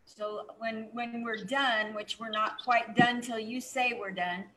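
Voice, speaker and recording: A woman's voice: on the high side, steady tone, unhurried, sharp tone, a little hiss or hum, poor audio. A woman hosting a casual comedy podcast interview, reacting with short interjections. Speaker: podcast host.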